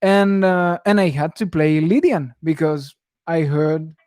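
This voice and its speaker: A man's voice: fairly high pitch, unhurried, a little mellow, clean tone, no room sound, studio quality. A young man who teaches guitar, chatting casually on a live stream Q&A and rambling with frequent chuckles. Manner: rambling, self-interrupting, chuckles often.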